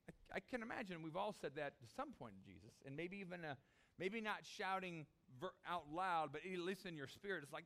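A man preaching a sermon, animated, acting out the disciples' desperate cries. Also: high-pitched, brisk. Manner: animated, acts out voices of the disciples. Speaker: pastor.

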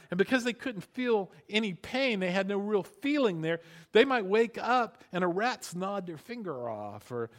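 A man preaching a sermon, animated, building up loud then dropping to hushed emphasis, and having the congregation repeat words after him. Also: high-pitched. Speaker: pastor.

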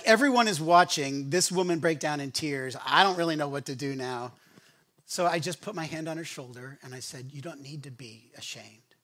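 A man preaching a sermon as pastor, telling a story in a relaxed, conversational way with frequent restarts. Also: on the high side. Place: church sanctuary.

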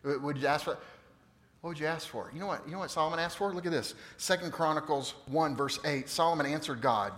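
A pastor in his fifties delivers a sermon, moving from loud, emphatic bursts to quiet, hushed moments. His voice sits a little high for a man. The long reverb of a large hall trails after his words. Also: fast. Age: 50s. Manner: animated storytelling, swings from loud to hushed.

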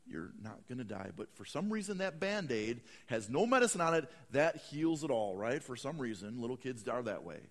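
A man preaching a sermon, swinging from hushed, slow lines to loud, dramatic bursts. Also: mid-range voice, big pitch swings, long reverb tail. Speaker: pastor.

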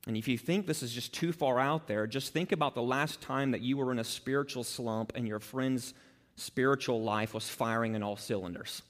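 A male pastor preaches with lively energy, slipping into the voices of the people in his stories. His voice sits at an ordinary middle pitch and rings with a long reverb, as in a large hall. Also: normal speed. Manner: animated preaching that acts out quoted people. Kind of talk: sermon.

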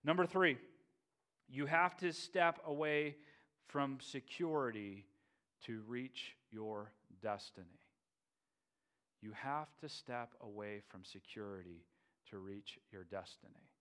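Pastor guy preaching, playful and animated, acts out bible stories. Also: mid-range voice, slow pace. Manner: animated, acts out biblical figures with playful humor. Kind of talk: sermon.

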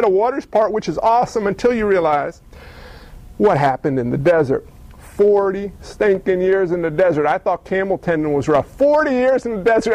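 A man's voice: high-pitched, no room sound. A man voicing Moses as a weary, self-pitying complainer, telling his story as comic grumbling.

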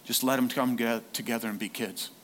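A man voicing the Holy Spirit as a calm, gentle male voice, speaking softly and low to reassure. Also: fairly quick, slight background noise, natural voice. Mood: gentle, reassuring.

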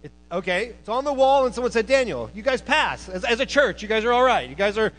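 A man preaching a sermon to a church, animated, moving between loud emphasis and quiet asides, who also teaches college students. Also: high-pitched, quick pace, poor audio.

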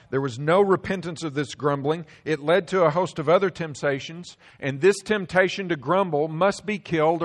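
Male pastor, sermon, slightly high voice, loud emphasis then hushed drops. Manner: preaching with dramatic swings between loud emphasis and hushed drops.

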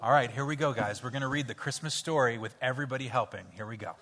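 A man leading an interactive children's Bible story in church, playful and coaxing as he cues the kids to shout sound effects. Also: mid-range voice, quick pace, few pauses. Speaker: children's pastor. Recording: hall reverb with faint music.

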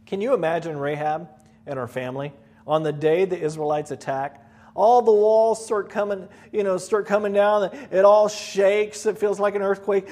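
Animated high-voiced male preacher. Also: moderate pace. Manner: animated storytelling, acts out voices. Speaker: pastor. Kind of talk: sermon.

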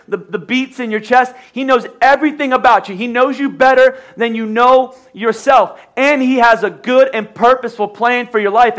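A man's voice: very high voice, a bit bright. An American man preaching a sermon as a pastor, conversational and joking, with repeated phrases. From United States.

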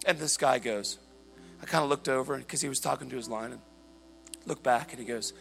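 A man preaching a sermon, telling a story in an animated way and shouting at the high points. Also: brisk, creaky, husky. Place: church hall. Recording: large hall reverb with faint music.

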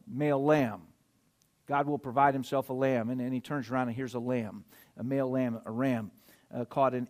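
A man preaching a sermon and reading scripture, speaking emphatically. He swings between loud stresses and quiet asides and keeps checking in with his listeners. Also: medium pitch.

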